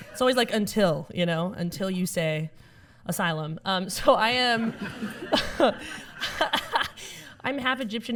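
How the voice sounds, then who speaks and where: Playful self-mocking woman storyteller on stage. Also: medium pitch. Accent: American, Connecticut-like. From United States (Alabama). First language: Arabic. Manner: playful, self-mocking, laughs at own jokes. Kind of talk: stand-up storytelling to a live audience. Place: event stage with live audience. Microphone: handheld microphone.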